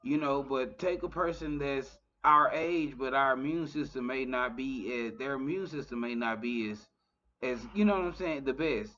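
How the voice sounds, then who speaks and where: A man's voice: mid-range voice, moderate pace, sharp tone. A man in his thirties in casual conversation as a podcast host, talking loosely with many filler phrases. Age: 30s. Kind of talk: casual chat. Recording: dull lo-fi audio.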